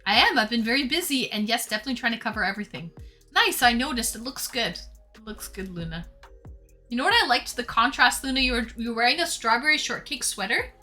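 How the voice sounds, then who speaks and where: A woman's voice: on the high side, lively intonation, quick pace, sharp tone, soft background music. A woman hosting a casual drinking livestream, greeting and thanking viewers as she chats. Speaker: livestream host.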